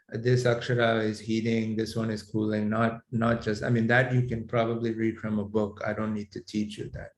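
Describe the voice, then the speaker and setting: A man teaching a class on mantra healing, explaining in a measured way with frequent fillers and restarts. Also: medium pitch, a little hiss or hum. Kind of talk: lecturing to a class. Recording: echoey room sound.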